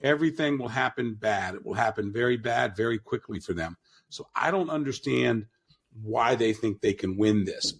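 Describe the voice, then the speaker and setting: A man's voice: medium pitch, lively intonation, moderate pace, creaky. A man talking bluntly on a podcast, mocking and profane, with frequent restarts. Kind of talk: casual opinionated talk.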